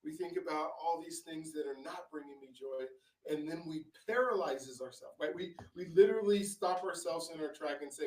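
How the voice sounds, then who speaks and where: A man with a fairly high voice tells stories as an interview guest, rambling through fillers and restarts. He sounds well back from the mic. The room around him is echoey. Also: fairly even intonation, fairly quick, a little mellow. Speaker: author and guest. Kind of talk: casual interview storytelling. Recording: roomy, distant from the mic.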